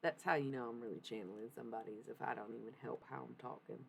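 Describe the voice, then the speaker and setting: A woman's voice: very deep voice, fast talker, gravelly, a little hiss or hum. A woman from Texas rambling loosely and profanely in a casual live stream about channeling spirits. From Texas, United States.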